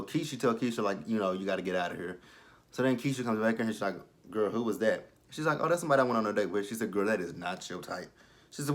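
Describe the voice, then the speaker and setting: A young man casually recapping a TV episode, blunt and profane, with exasperated asides and frequent restarts. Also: on the low side. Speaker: show recapper.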